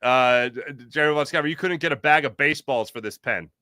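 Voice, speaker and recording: A man's voice: mid-range voice, quick pace, clean tone, no echo, studio quality. A man hosting a casual sports podcast livestream and reading out the chat with jokey, rambling energy. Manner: animated, jokey, rambling with restarts.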